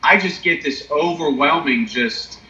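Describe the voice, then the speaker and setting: A man's voice: on the high side, a little slow, bright, forceful tone. A young man telling a personal recovery story in casual, profane chat, often asking "you know what I mean?". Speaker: podcast co-host. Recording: echoey, dull lo-fi sound.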